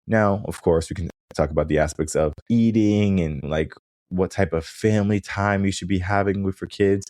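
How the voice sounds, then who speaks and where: A man with a very low, deep voice talks through a solo coaching podcast in a loose, conversational way. He keeps tossing in "right?" to check in with the listener, and he brightens when acting out quoted lines. The sound is dry and close, with no room echo. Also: normal speed. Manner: casual, conversational, frequent "right?" tag questions. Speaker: podcast host and mindset coach.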